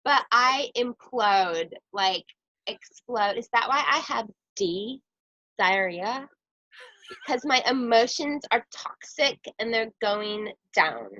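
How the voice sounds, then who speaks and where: A woman's voice: fairly high pitch, animated, slow pace, sharp tone, dry recording, highs cut off. A woman hosting a casual chat over a video call, joking and rambling about her daily life. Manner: joking, rambling, self-mocking. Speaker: host.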